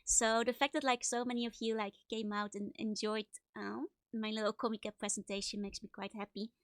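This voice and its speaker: Speaking fairly quickly with a fairly high pitch and a flat delivery, a woman streamer welcomes viewers in casual live-stream chat. Though bubbly and giggly, repeating greetings in sing-song runs, she seems a bit sleepy and has a slightly stuffy nose from a cold. Studio quality audio, no echo.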